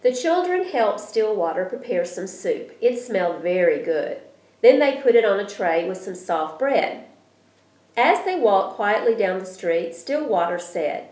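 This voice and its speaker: A woman's voice: mid-range voice, a little slow. Lady reading a kids' storybook, bouncy voice, roomy echo. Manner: lively, expressive reading. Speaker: reader. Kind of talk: storybook read aloud.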